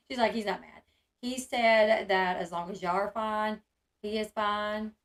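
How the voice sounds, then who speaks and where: A woman's voice: mid-range voice, steady tone, slow pace. A woman, chatting casually on a livestream and reading her chat aloud, with lots of "like" and "um". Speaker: streamer.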